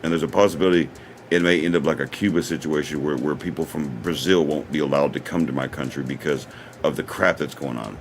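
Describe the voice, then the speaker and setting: A man's voice: a bass voice, brisk, a little hiss or hum. A man hosting his own livestream, talking in an earnest, rambling way and often repeating himself. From United States. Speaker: livestream host. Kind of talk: casual livestream talk.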